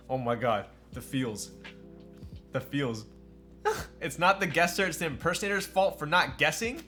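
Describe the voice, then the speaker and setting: A male streamer with a bright, sharp voice chats loosely with his viewers. He jokes, answers chat and laughs as he goes. Soft music plays faintly behind him. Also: medium pitch. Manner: chatty and joking, replies to chat, laughs often. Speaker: live streamer building a keyboard. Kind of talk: casual live-stream chat.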